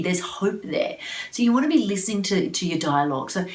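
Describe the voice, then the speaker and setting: A woman's voice: mid-range voice, sing-song, a little fast, far from the mic. Upbeat woman coaching in an echoey room. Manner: upbeat and encouraging, with frequent fillers and restarts. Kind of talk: motivational talk to camera.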